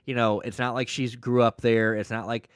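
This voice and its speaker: A man co-hosting a podcast in casual chat, rambling and profane with excitable bursts. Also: medium pitch, normal speed, clean tone, no room sound, clean studio sound. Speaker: podcast co-host.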